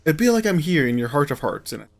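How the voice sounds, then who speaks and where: A man's voice: fairly high pitch, sing-song, quick pace. A tired man, rambling in casual gameplay commentary as a streamer, often trailing off mid-sentence.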